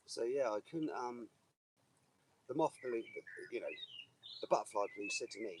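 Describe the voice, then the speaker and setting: A man's voice: mid-range voice, normal speed, pauses often, distant mic. A man rambling jokily through a meandering outdoor monologue, often restarting his sentences, recorded beside a river. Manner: joking, meandering, with frequent restarts. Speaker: vlogger. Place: outdoors by a river, feet in the water. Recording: outdoor recording with running water noise. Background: running water.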